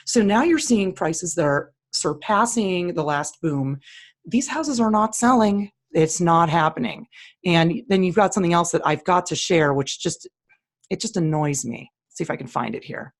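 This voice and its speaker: Her voice is on the low side with lively intonation, and her pace is moderate. She co-hosts a relaxed screen-share talk, working through the listings on screen and not mincing words about what she thinks.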